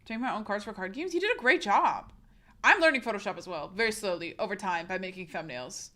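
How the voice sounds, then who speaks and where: A woman's voice: mid-range voice, animated, a little fast, a bit bright. A woman streamer, sick, talking frankly and casually straight to her live chat.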